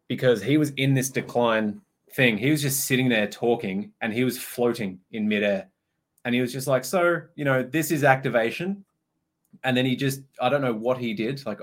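Brief: young guy, podcast co-host, animated storyteller, lowish voice. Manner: animated storytelling, acts out quotes, swears. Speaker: podcast co-host, personal trainer. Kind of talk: casual chat.

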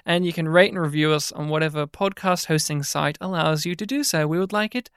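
A man's voice: fairly high pitch, a little fast, a bit bright, smooth, no room sound, studio quality. A man co-hosting a casual film podcast, chatty and rambling, drawing out his words. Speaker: podcast co-host.

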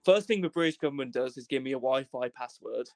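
A young man from Wales telling a comedic travel story as a podcast guest, animated, in quick bursts, swearing and acting out voices. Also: medium pitch, no room sound. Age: young adult.

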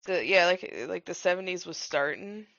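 Woman podcast co-host, gravelly, animated intonation, dry close sound. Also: on the low side, normal speed, no echo, muffled recording. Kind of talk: casual movie-watch commentary.

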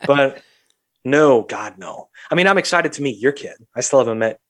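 A young adult man hosting a podcast, telling a story in a lively, profane, casual way. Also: mid-range voice, moderate pace, a little hiss or hum. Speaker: podcast host.

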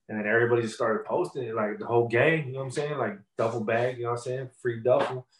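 A man's voice: lowish voice, steady tone, fast talker, hardly any pauses, rough recording. A young man, a rapper, telling his story in a casual interview in loose street slang full of fillers.

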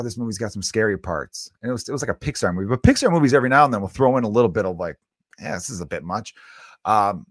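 A man in his thirties, a comedian hosting his own podcast, delivering an animated, self-mocking solo rant. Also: fairly low pitch, no echo, studio quality.

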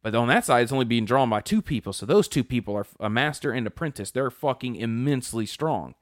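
A man's voice: mid-range voice, lively intonation, quick pace, no room sound, studio quality. A man co-hosting a casual podcast, confidently explaining lore at length and swearing casually. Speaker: podcast co-host. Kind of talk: casual chat.

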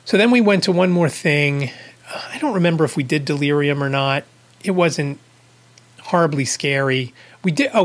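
A man's voice: a little high, fairly bright tone. A man hosting a podcast, telling a story in a casual, rambling way with wry asides. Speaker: podcast host.

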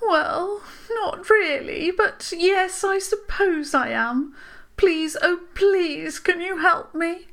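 A woman voicing a sad, tiny female music box dancer who speaks mournfully and slowly. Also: very high voice, a bit bright, voice pushed up, exaggerated voice. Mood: pleading. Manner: mournful, tearful, slow.

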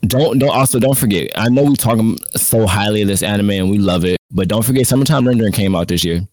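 A man's voice: fairly low pitch, quick pace, a little mellow. A man co-hosting an anime talk podcast, talking in a laid-back, slangy way. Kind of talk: casual chat.

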